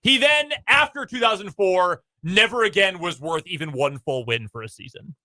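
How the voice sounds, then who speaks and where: Male radio co-host, high bright voice, reels off numbers, dry close studio mic. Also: lively intonation, normal speed, no echo. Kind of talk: casual sports radio chat.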